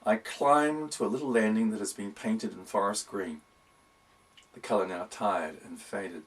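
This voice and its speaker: A man reads a whimsical storybook aloud in a wry, playful tone, his fairly low voice at normal speed. He sounds distant from the mic.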